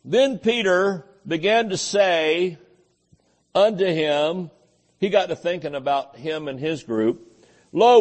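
A pastor preaching with a slightly high-pitched voice. He takes his time, drawing words out slowly, and drops jokes and amens between lines of scripture. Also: a little mellow. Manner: joking, folksy preaching with frequent amens. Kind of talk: sermon.

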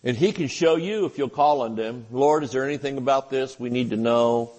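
A man's voice: mid-range voice, fairly quick, darkish tone. An older man preaching a sermon at a Bible study, folksy and chuckling, acting out little voices as he goes. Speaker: pastor. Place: church.

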